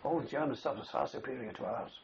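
An older man with a gravelly voice shares his wartime memories in a rambling, anecdotal way, often adding "you see". The recording sounds dull, with faint hiss behind him. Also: mid-range voice, fast. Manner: rambling storyteller with many "you see" tags. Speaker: interviewee, war veteran. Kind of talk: oral history reminiscence.

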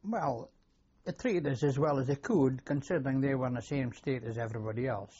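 A man's voice: mid-range voice, brisk, dark tone, slightly rough, highs cut off. An older man with a Scottish accent recounting memories in an interview, plain-spoken and given to repeating himself. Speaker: war veteran interviewee. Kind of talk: oral history interview.

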